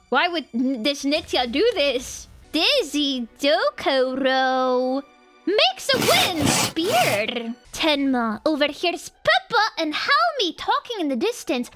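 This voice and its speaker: A young woman streamer giving playful, giggly commentary on a game, full of exclamations. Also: sits high.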